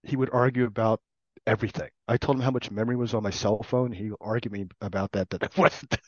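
Middle-aged man, low voice, reflective recovery testimony in halting phrases; dry, slightly muffled sound. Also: fairly even intonation, darkish tone, no echo. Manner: earnest, reflective, speaks in short halting phrases. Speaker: program participant sharing his story. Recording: dull, dry recording.

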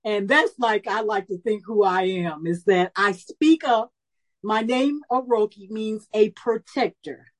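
A woman of about seventy telling a personal story at a recovery meeting, lively and animated, acting out the voices she quotes. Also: mid-range voice, unhurried, low-quality recording. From Chicago area. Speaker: speaker sharing her story at a recovery meeting.

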